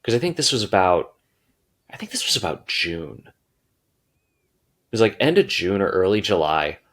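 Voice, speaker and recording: A man's voice: deep voice, big pitch swings, unhurried, a bit bright. A man, a podcast guest, reflecting casually on a past film viewing and swearing now and then.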